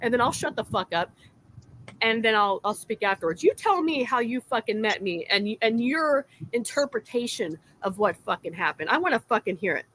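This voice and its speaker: A woman with a fairly high, animated voice and fairly bright tone speaks at normal speed, with a little hiss or hum. Participating in a livestream, she rants angrily and curses constantly in a heated online argument.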